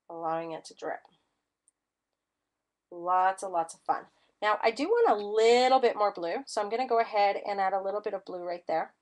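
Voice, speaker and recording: A woman teaching a live-streamed mixed media art class, chatty and enthusiastic as she demonstrates. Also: medium pitch. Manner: chatty and enthusiastic, gushing over colors.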